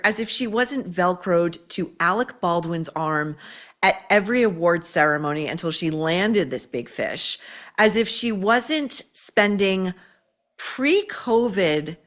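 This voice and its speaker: Woman host, cutting and profane, sarcastic celebrity commentary, mid-pitched, chatty fillers. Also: normal speed, fairly bright tone. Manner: blunt, profane, sarcastic, with frequent "like" and "okay?". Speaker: podcast host. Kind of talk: opinionated pop-culture commentary.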